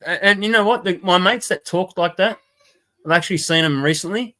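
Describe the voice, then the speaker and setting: A man's voice: sits high, brisk, pushed and bright. Laughing, swearing man. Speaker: stream host. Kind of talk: casual livestream chat.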